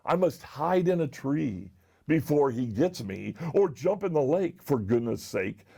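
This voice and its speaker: A man's voice: big pitch swings, a little slow, creaky, warm tone, husky, heavily acted. A man voicing a big, sorry male elephant who frets and squeals in a storybook reading. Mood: terrified. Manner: high squealing cries.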